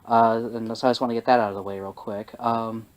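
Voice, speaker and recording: A young man leads a relaxed podcast chat in a middle-pitched voice. He teases his co-host with deadpan jokes, and his speech stumbles along with plenty of fillers and restarts. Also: dull audio. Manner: teasing joker, halting with fillers.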